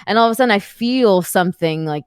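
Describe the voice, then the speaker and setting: A woman's voice: mid-range voice, quick pace, clean tone, dry recording, studio quality. A woman in her thirties, a guest on an interview podcast, telling stories in a chatty way full of "like" fillers. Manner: chatty, many "like" fillers, animated retelling. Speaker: guest, professional wrestler. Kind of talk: casual storytelling interview.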